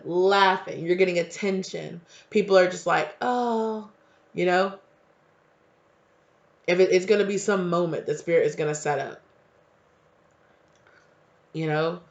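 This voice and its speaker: A man chats through a casual tarot reading in a slangy, emphatic way. His voice sits fairly high and has a gravelly edge. The recording sounds dull and lo-fi. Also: steady tone, unhurried, pauses often. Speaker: tarot reader.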